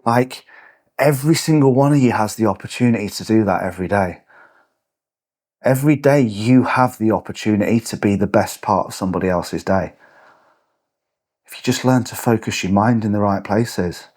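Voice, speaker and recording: A man with a lowish, slightly mellow voice hosts a podcast as a fitness coach. His motivational monologue is blunt and punchy, with swearing.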